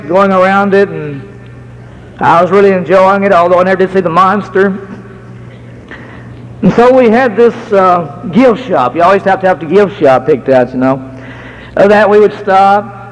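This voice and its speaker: A middle-aged American man preaching a sermon, telling folksy stories and slowing down to stress key words. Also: high voice, big-room sound, rough recording. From United States.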